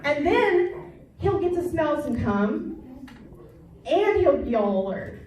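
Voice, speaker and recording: A woman's voice: sits high, expressive, takes it slowly, darkish tone, slight background noise. A young woman doing a brash, crude stand-up comedy set, chatting with the crowd and mocking herself. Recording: distant mic in a very echoey room.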